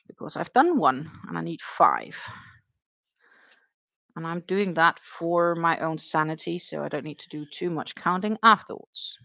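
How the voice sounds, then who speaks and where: Chatty woman with a gravelly voice. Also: deep voice, animated, measured pace, pushed and bright, dry recording. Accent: Danish. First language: Danish. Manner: chatty, dryly sarcastic, thinks aloud while counting stitches. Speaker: crochet stream host. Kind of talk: casual chat while crocheting.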